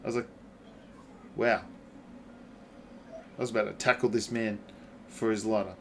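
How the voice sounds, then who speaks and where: A man streaming a game and chatting with his viewers, swearing freely, laughing often and reacting loudly to their messages. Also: fairly low pitch, level tone, normal speed, a little hiss or hum. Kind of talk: casual gaming livestream chat.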